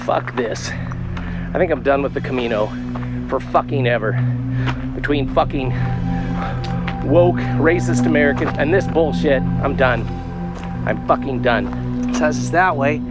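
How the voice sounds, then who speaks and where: A man's voice: mid-range voice, a little slow, pauses often, over loud music. A man vlogging on a phone as he walks a rural trail outdoors, frustrated, sarcastic and swearing often. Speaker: vlogger walking a pilgrimage trail. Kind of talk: vlog narration and walking selfie talk. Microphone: handheld phone.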